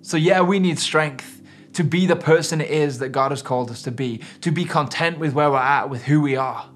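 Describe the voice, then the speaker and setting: A man with a voice on the high side preaches at normal speed, earnest and emphatic, his intensity rising and falling. Faint music can be heard underneath.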